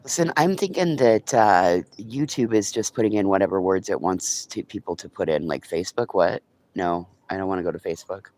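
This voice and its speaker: A man's voice: low-pitched, a little fast, a little mellow. A man in a casual, rambling live-stream chat, talking to his viewers and his pets early in the morning. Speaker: vlogger.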